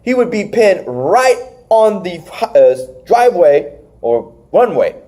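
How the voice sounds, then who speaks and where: A man hosting a casual wrestling review podcast, recapping matches with animated retellings and acted-out lines. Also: fairly high pitch. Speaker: podcast host.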